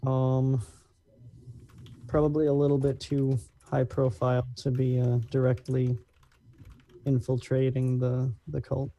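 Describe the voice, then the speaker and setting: A man's voice: mid-range voice, completely flat delivery, measured pace, long pauses, warm tone. A man playing in a tabletop game, speaking hesitantly as he thinks aloud. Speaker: player. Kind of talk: tabletop role-play.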